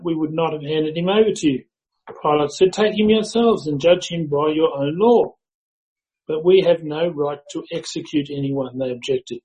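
A man reading a Bible passage aloud to a church in a measured, even way. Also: on the high side, low-quality recording. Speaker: scripture reader.

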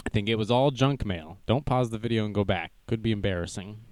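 A man's voice: on the low side, fairly quick, darkish tone. A young man hosting a casual livestream news show, joking and self-deprecating as he goes. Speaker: news stream host.

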